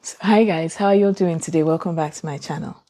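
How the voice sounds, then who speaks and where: A woman's voice: low voice, quick pace, dark tone. A woman hosting her own vlog channel, talking in a chatty, loose way and often restarting her phrases. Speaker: vlogger host. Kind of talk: casual vlog talk.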